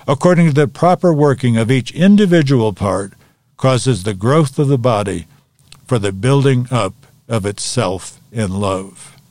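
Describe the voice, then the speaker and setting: A man leads a Bible study lesson at a steady, measured pace, reading questions and giving the answers one by one. His voice sits in a middle range. The sound is dry and close, with no room echo. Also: medium pitch.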